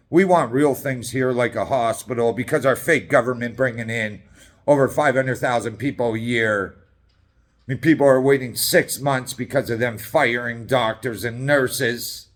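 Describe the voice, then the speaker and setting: Angry, profane man ranting. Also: medium pitch. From Canada. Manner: profane, combative, sarcastic. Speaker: political activist. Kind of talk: angry political rant.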